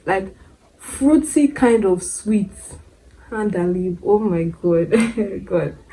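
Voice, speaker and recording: A young Nigerian woman talking casually to camera in an expressive way, repeating words for emphasis and laughing often. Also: mid-range voice, poor audio. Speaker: beauty vlogger.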